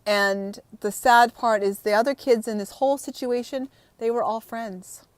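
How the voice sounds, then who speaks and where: A woman in her thirties talks straight to camera in an unedited vlog. She rambles and swears, with her voice fighting back tears. Her voice sits a little high and sounds dry and close. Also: normal speed, dry recording. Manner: emotional, on the verge of tears. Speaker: vlogger. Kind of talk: unedited casual vlog chat.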